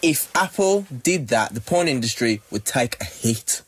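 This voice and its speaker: A man's voice: medium pitch, lively intonation, unhurried, slightly rough. A man teasing and questioning his friends in casual podcast banter. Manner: teasing, skeptical.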